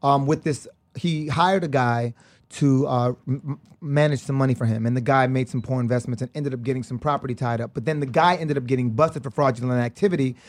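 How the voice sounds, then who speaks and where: Fast-talking man telling animated stories. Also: mid-range voice. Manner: fast, animated storytelling with lots of restarts. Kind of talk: casual podcast chat.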